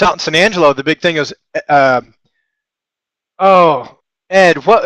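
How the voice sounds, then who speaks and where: A man from Texas runs a live trading lesson, talking through his ideas in a loose, chatty way. His voice sits a bit high for a man and is full of jokes at his own expense. The sound is dry and close. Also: measured pace, pauses often, a bit bright, dry recording. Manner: chatty, joking and self-deprecating, rambling asides. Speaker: trading webinar host.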